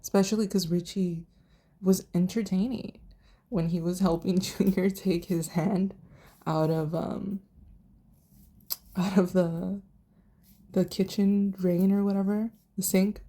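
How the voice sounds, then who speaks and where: A woman's voice: medium pitch, slow pace, pauses often. A young woman casually recapping a TV show in a chatty, profane way, acting out what the characters said. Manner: chatty, profane, animated retelling with quoted voices. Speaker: TV reviewer.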